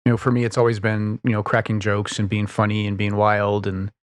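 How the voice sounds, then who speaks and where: A man's voice: lowish voice, completely flat delivery, brisk, no echo. A man hosting his own podcast, chatting casually in a rambling, profane way with lots of "like" and "you know". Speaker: podcast host. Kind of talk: casual solo chat.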